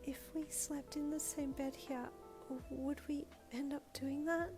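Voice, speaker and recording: Young fairy girl, sweet, shy, high, soft, breathy, woman playing her, storybook. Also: level tone, unhurried, music in the background. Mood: flustered.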